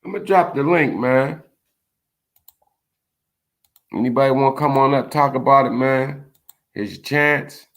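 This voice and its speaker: A man's voice: medium pitch, a little slow, pauses often. A man speaking in a frustrated, impassioned monologue, repeating "man" often. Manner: frustrated, preachy, repetitive "man" tags. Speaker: vlogger.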